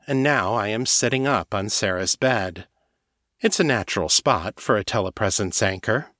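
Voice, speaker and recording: A man narrating a first-person audiobook story in a measured, even reading. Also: fairly low pitch, dry recording, clean studio sound.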